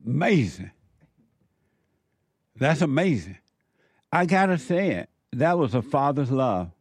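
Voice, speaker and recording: A man's voice: medium pitch, very animated, takes it slowly, husky, no echo. A man hosting a commentary show, preaching emphatically and telling stories from his youth. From southern United States. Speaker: commentary host.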